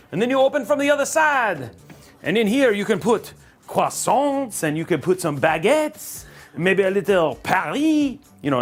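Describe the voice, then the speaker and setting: A theatrical mock-French café host, put on by a man, who invites you in with a lilting, raised voice. He sounds inviting and showy and keeps a sing-song swing. Soft music plays faintly in the background. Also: sits high, pitched above the performer's own voice, heavily acted.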